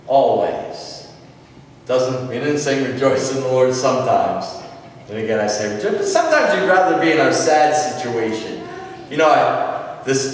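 A man preaching a sermon as pastor, telling stories and jokes with slow emphasis, recorded in a church sanctuary from a distant room mic. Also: medium pitch, a little hiss or hum. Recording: echoey church hall from far off.

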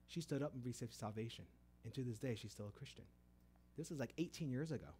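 A man's voice: mid-range voice, fast, mellow, slight background noise. A man preaching a testimony sermon, telling stories animatedly and acting out voices in quoted dialogue. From Texas.

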